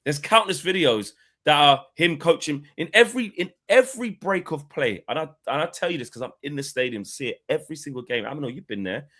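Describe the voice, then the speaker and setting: A man's voice: fairly high pitch, lively intonation, fairly quick, a bit bright. A man co-hosting a casual live football chat. He swears freely and acts out players' rants. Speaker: football podcast co-host.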